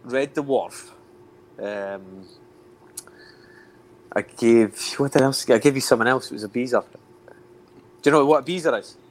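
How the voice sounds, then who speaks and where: A man's voice: medium pitch, low-quality recording. A Scottish man with a Dundee accent, hosting a podcast in casual, teasing banter and laughing easily. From Dundee, Scotland. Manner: teasing, joking, quick to laugh. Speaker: podcast host.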